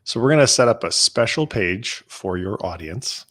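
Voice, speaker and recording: A man from Western Canada, a podcast guest, talking in a relaxed, matter-of-fact way and explaining gear. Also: fairly low pitch, normal speed. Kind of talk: casual interview chat.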